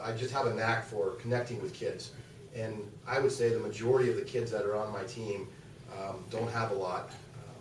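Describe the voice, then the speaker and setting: A man in middle age speaks to a roomful of club members in a casual, rambling manner, circling back with fillers and false starts. His voice sits a little low. The recording picks him up from a distance in a reverberant room. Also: slight background noise. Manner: folksy, rambling, many restarts and fillers. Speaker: guest speaker, youth basketball coach. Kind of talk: casual storytelling speech to a club. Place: meeting room, speaking to an audience. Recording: echoey room, voice from far off.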